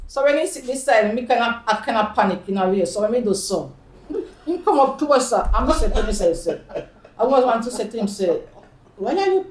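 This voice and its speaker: A woman's voice: fairly high pitch, expressive, brisk. Laughing Jamaican woman telling stories. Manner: laughs often, slips into patois. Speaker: oral history interviewee. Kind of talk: personal storytelling. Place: community centre room. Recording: echoey room.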